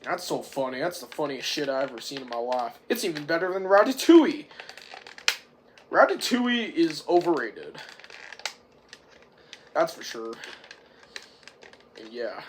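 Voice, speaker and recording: Slow, rambling young man recapping a movie. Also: fairly high pitch, slight background noise. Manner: rambling, excitable, swears, clears throat often. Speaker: movie reviewer. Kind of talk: casual plot recap with put-on voices.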